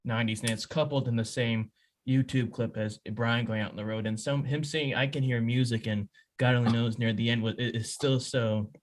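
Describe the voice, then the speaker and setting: A man's voice: mid-range voice, steady tone, brisk. A man hosting a podcast interview, chatting casually as an eager fan with self-deprecating asides. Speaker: podcast host.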